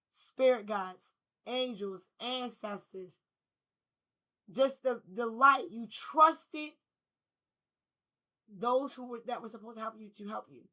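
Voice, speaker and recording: Woman spiritual reader, bright tone, emphatic casual delivery with swearing. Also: a little high, poor audio. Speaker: tarot reader. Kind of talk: spiritual reading to camera.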